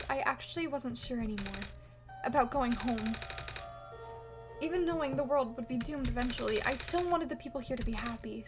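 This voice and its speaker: A woman voicing a gentle, lost young child who speaks hesitantly and stammers, with game music behind. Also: high voice, lightly acted. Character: soft-spoken lost young child messiah.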